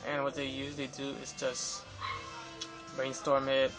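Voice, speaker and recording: Recounting an interview with photographers, a young Los Angeles-area vlogger rambles, restarting often and using lots of fillers. He speaks a little slowly in a monotone at medium pitch. The rough recording has music in the background.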